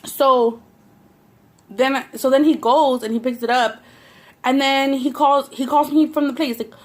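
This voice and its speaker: Her voice sitting high and unhurried, a young mukbang vlogger with a Southern Californian accent chats while eating. She spins blunt, foul-mouthed stories with lively energy.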